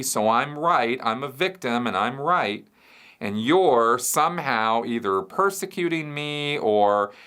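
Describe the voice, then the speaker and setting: A man's voice: mid-range voice, pushed and bright. A man hosting a question show, explaining an idea step by step and often checking in with the listener. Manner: explains step by step, checks in with "right?" and "you see". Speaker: show host answering viewer questions. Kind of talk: explanatory solo talk.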